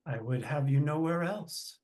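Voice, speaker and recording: A man's voice: on the high side, measured pace, darkish tone, natural voice. A man playing a pompous, languid dandy. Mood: doting. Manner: pompous, languid, grandly condescending. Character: vain, theatrical androgynous dandy in liturgical finery, speaks with a royal we.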